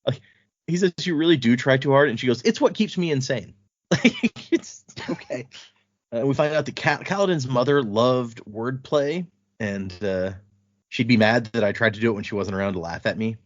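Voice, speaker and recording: A man's voice: mid-range voice, normal speed, dry recording. A man co-hosting a podcast, casually retelling book chapters in loose paraphrase, laughing often and swearing now and then. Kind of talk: casual chat. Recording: dull, slightly lo-fi podcast audio.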